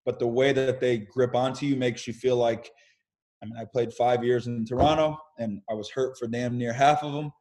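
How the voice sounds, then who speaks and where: A young American man, a pro athlete, tells a story with casual candor over a video call. His voice sits in a middle pitch, and he talks freely with the odd mild curse. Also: moderate pace. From United States. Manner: lively storyteller, casual and candid, mild swearing. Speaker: podcast guest, pro baseball player.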